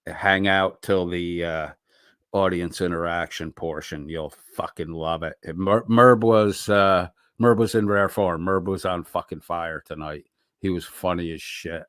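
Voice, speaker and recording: A man's voice: sits low, fairly even intonation, unhurried, a bit bright, smooth, no room sound, studio quality. A man hosting a late-night livestream, reading chat messages aloud and responding in a blunt, profane, sarcastic way.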